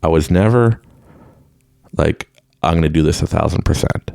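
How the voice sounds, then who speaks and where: Gravelly-voiced man giving casual motivational talk. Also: extremely low pitch, normal speed, no echo, clean studio sound. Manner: animated, laughs often, unscripted. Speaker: podcast host. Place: room at home with a mic.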